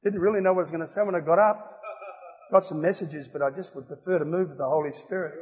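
A man preaching an evangelistic sermon, emphatic and rising to loud exclamations. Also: a little high, fairly even intonation, fast, breathy edge. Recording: reverberant hall.

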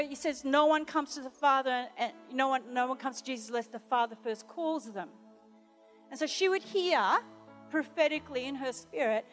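High-voiced woman preaching. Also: a bit bright. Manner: chatty storytelling, many "you know" fillers and restarts. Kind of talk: sermon with personal anecdotes.

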